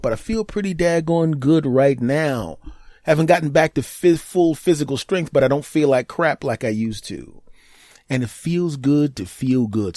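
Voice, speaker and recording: A man's voice: mid-range voice, mellow, no echo, studio quality. A man hosting his own podcast, talking alone in a rambling, jokey storytelling way with frequent restarts. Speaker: podcast host. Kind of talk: casual solo podcast monologue.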